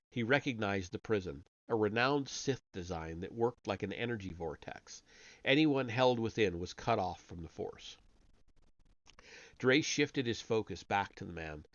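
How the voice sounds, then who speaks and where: A man's voice: on the low side, expressive, a little slow, no room sound. A man reading a story aloud on a live stream, voicing the characters only lightly and sometimes stumbling and correcting himself. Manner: reads character dialogue with only light voicing, occasional slips and restarts. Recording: dull, lo-fi home mic.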